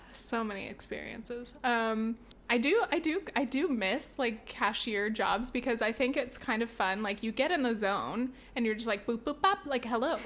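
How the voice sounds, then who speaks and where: A woman hosts a casual podcast, her voice sitting fairly high. She swears freely and laughs often, and she slips into little acted scenes with beeps and boops. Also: a little slow, a bit bright. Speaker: podcast host. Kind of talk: casual chat.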